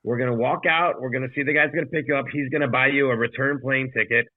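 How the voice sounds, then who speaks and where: A comedian who co-hosts a podcast tells a profane, rambling story over a video call, acting out the quotes. His voice is mid-range with fairly even intonation and a quick pace, and the call audio is dry and tinny with no room sound.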